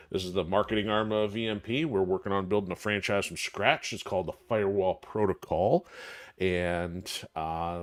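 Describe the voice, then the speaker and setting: A middle-aged man from Michigan hosting a live stream in casual chat, rambling and correcting himself with lots of fillers. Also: low voice. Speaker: streamer host.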